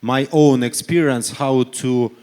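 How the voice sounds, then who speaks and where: A man from Ukraine, speaking on a forum panel in halting English, full of fillers and self-corrections, pressing his case with earnest rhetorical questions. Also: medium pitch, fairly even intonation, darkish tone. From Donetsk region, Ukraine. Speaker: panelist, human rights official. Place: conference panel stage.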